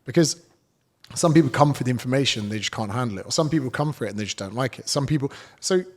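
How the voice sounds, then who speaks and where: A man's voice: medium pitch, expressive, fast. Blunt, sweary man. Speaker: fitness coach guest. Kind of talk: casual podcast chat.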